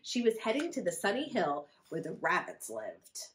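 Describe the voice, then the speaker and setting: A woman, a children's librarian, reading a picture book aloud to children in a friendly, expressive storytelling manner. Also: on the low side, normal speed.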